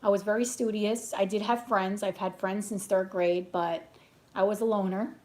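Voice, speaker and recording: A woman's voice: medium pitch, normal speed. A woman tarot reader chatting casually between readings, rambling off on tangents and telling stories bluntly. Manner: chatty and animated storytelling, blunt. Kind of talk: casual chat during a live reading.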